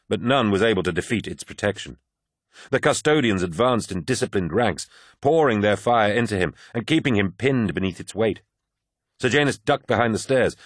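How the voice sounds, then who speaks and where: A man reading an audiobook with measured, dramatic scripted narration. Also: fairly low pitch, a bit bright, no echo, studio quality.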